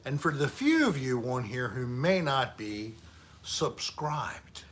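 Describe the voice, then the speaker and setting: A man's voice: mid-range voice, sing-song, slow pace, a bit bright, a little hiss or hum. A man hosting a casual livestream chat, joking and trying bad accents when asked. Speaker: host.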